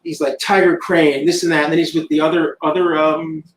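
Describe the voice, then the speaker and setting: A man from New York chatting excitedly at a comic shop event, quick and enthusiastic. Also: fairly high pitch. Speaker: co-writer and guest. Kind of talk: casual interview chat. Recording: distant roomy mic, faint noise.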